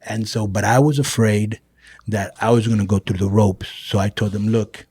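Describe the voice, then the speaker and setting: A man's voice: fairly low pitch, fairly even intonation, moderate pace, darkish tone, breathy edge, dry recording. A middle-aged man, a guest on a show, telling stories in a casual, profane way, often saying "bro" and "you know". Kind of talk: casual storytelling.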